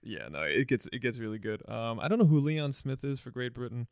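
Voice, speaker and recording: A man co-hosting a sports podcast in casual chat, relaxed and teasing, often starting his lines with "um". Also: mid-range voice, brisk, gravelly, smooth, no room sound, clean studio sound. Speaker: podcast co-host.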